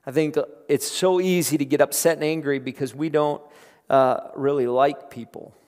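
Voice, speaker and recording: Man, preacher, sermon, high voice, repetitive emphatic delivery, long church hall reverb. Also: fairly even intonation, normal speed. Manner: builds from low and quiet to loud and emphatic, repeats phrases.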